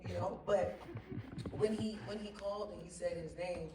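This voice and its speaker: A woman on a panel telling a lively, slangy anecdote, laughing often and mimicking others' voices. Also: fairly low pitch, moderate pace. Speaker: actress on a panel. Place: stage at a theater Q&A. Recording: roomy hall, distant mic, faint noise.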